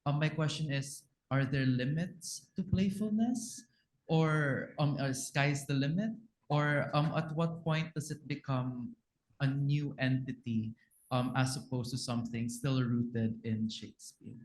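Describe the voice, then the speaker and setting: A man's voice: medium pitch, a little slow. A man from the audience asking a question at a floor microphone in an auditorium, hesitant with many fillers. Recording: echoey auditorium sound.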